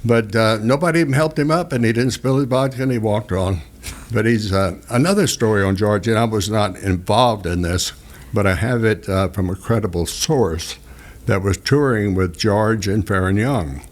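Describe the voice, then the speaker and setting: A fairly low-pitched older man from southeast Texas talks at a moderate pace as a radio host. He wanders through folksy anecdotes, chuckling and starting over now and then, in relaxed storytelling chat.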